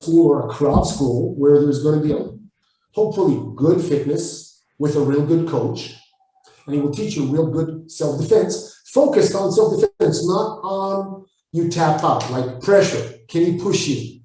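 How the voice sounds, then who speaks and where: A man's voice: a little high, unhurried. Blunt Israeli man, echoey and distant. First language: Hebrew. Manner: blunt, forceful, swears freely. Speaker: Krav Maga instructor, guest. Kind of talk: interview answers. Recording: echoey room, far from the mic.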